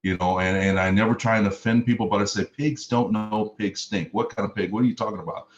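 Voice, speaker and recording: Very fast and in a steady tone, a fairly low-pitched middle-aged man from Mississippi earnestly tells his personal story as a motivational speaker, captured with lo-fi sound. He builds repetitive lists of phrases, rising emphatically as he goes.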